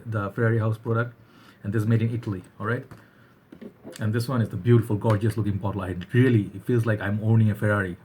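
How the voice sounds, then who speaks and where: A man reviews fragrances in an energetic, chatty talk to camera, repeatedly saying "all right." His voice is on the low side, with a slight hiss or hum in the audio.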